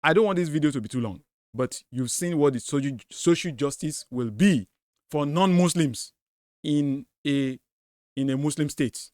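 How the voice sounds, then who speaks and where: Emphatic man with a higher voice. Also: moderate pace, darkish tone, dry recording, clean studio sound. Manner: emphatic, repeats his points. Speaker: host of a commentary video. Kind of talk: commentary on a debate clip.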